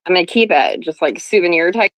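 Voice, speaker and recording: Woman, low voice, rambling casual stream chat, dry close sound. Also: animated, quick pace, dry recording. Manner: rambling, full of fillers.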